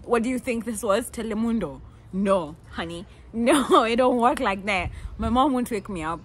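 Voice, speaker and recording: A Kenyan woman in her twenties, telling stories in a lively, playful way and acting out the people she quotes. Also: fairly high pitch, moderate pace, husky. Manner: animated, playful, laughs often, acts out quotes. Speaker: vlogger. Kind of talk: casual storytelling.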